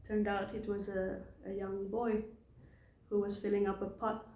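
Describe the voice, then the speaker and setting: A woman's voice: medium pitch, monotone, normal speed, warm tone, echoey room. A woman casually retelling scripture stories in a chatty way, laughing often. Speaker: devotee telling scripture stories. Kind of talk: casual storytelling talk.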